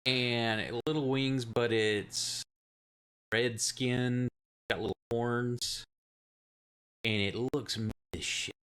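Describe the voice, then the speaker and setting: A man's voice: mid-range voice, steady tone, slow, long pauses, fairly bright tone, smooth. A man narrating as game master, telling the scene loosely with plenty of swearing and fillers. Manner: loose, profane storytelling with fillers.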